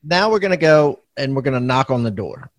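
A man's voice: mid-range voice, lively intonation, fast, no room sound. A man hosting a podcast interview, telling anecdotes animatedly and laughing easily. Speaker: podcast host.

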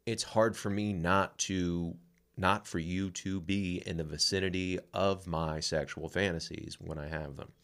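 A man's voice: low-pitched, fairly even intonation, unhurried, fairly bright tone. A man co-hosting a relationship podcast, talking candidly and bluntly about his own feelings and swearing casually. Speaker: podcast co-host.

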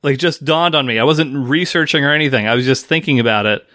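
A man's voice: medium pitch, fast talker, sharp tone, dry recording, studio quality. A man hosting a podcast in casual, playful chat, teasing and swearing freely. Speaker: podcast host.

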